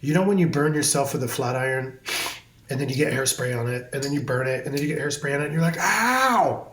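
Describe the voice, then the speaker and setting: A man's voice: mid-range voice, fast talker. A man, a hairstylist guest on a podcast, talking in an intense, emphatic way and swearing freely. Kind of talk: podcast conversation. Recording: roomy echo.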